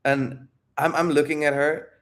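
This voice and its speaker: This man's voice is a little high and his speed normal as he gives dating advice in a live Q&A stream. His talk is casual and animated, heavy on profanity, and full of rambling tangents and self-interruptions.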